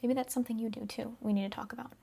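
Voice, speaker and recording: A woman's voice: a little high, fairly even intonation, very fast, gravelly, warm tone, breathy edge. Chatty young woman giving self-help talk. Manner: chatty and upbeat, laughs often, drops to whispers. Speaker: podcast host.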